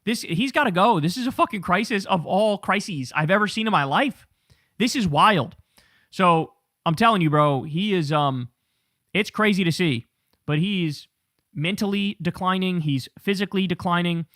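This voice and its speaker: Bright, high-voiced profane male host. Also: normal speed, dry recording, studio quality. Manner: blunt, profane and incredulous. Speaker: political commentary host. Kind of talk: casual political commentary.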